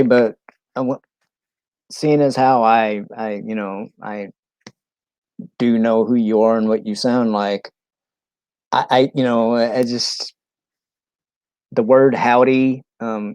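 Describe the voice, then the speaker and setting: A man from New England chatting casually on a live stream, halting and full of ums and restarts. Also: medium pitch, gravelly, a little mellow, no echo.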